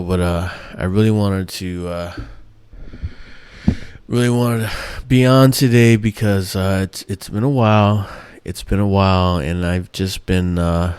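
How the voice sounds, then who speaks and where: A man's voice: low-pitched, darkish tone, clean tone, dry recording. A man hosting his own show, ranting in a rambling, profane, exasperated way with many restarts. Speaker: podcast host. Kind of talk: casual ranting monologue.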